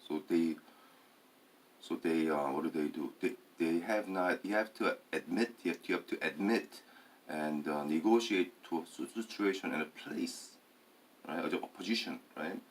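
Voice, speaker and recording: Man, extremely low voice, hesitant rambling monologue, many fillers and tag questions. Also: normal speed.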